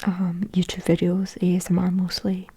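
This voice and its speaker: A young woman whispering a soft, musing ASMR ramble into a close microphone, thinking aloud with lots of fillers. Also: lowish voice, completely flat delivery, normal speed, slightly rough. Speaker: ASMR creator.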